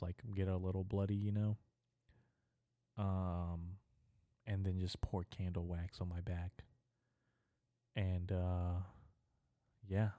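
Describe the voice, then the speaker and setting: Brief: young male podcast host, crude rambling comedic monologue, low-pitched and dry close sound. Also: mellow, dry recording. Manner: profane, rambling, stream-of-consciousness.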